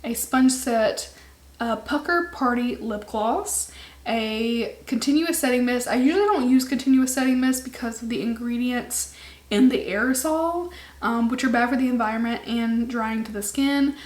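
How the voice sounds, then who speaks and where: A woman's voice: fairly high pitch, normal speed, darkish tone, reverberant. A young woman, a beauty vlogger, chatting casually to camera in a rambling way with lots of ums, her voice starting to wear out.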